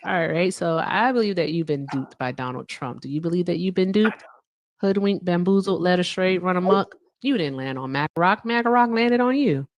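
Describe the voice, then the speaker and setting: A woman's voice: lowish voice, normal speed, no echo, highs cut off. A woman hosting a live stream, chatting in a playful, teasing way and laughing often. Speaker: livestream host. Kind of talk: casual live-stream chat.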